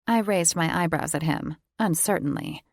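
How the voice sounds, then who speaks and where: Woman audiobook narrator, romance, lower pitch, gravelly fry, dry close mic. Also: normal speed, no room sound. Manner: intimate, teasing first-person reading.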